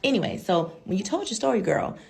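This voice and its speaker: Gravelly chatty woman telling a story. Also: mid-range voice, very animated, a little fast. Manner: chatty, slangy, addresses viewers as girl and child. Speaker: vlogger. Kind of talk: casual storytelling to viewers.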